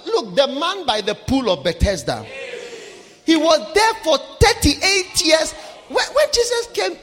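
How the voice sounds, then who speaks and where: Male preacher, high and bright, lively pitch, emphatic shouting sermon, echoey hall. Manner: shouting, sing-song mimicry, emphatic repetition.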